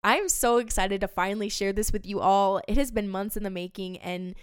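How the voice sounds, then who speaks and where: This faith podcast host is a young adult woman with a clear, resonant mid-range voice delivered at a moderate pace. She talks to her devotional audience with earnest passion, addressing them as "you guys," in clean studio sound without echo.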